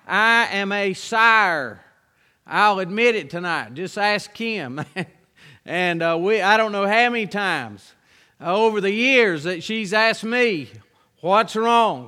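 High-voiced pastor preaching slow and earnest, long church echo. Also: male voice, sharp tone, clean tone. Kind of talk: sermon with scripture reading.

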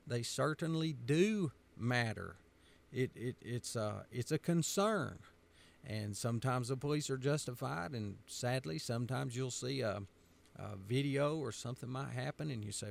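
A man's voice: mid-range voice, unhurried, creaky. A man from the United States giving an emphatic, sermon-style commentary, driving his points home by repetition.

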